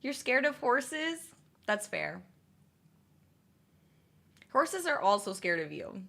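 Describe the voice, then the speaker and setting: A woman's voice: on the high side, sing-song, takes it slowly, creaky, a bit bright. Rambling woman streamer chatting with viewers. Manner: rambling, answers chat messages, many fillers and restarts. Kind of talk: casual livestream chat.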